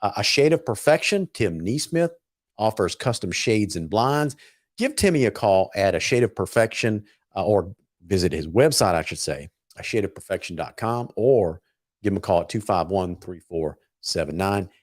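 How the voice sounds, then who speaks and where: A man hosting a casual show, hyped up on caffeine and stumbling over his words as he rushes through sponsor reads. His voice sits low for a man and sounds dry and close to the mic, with no room around it. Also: no echo. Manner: excitable, hurried, trips over words. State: wired on caffeine. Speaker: host.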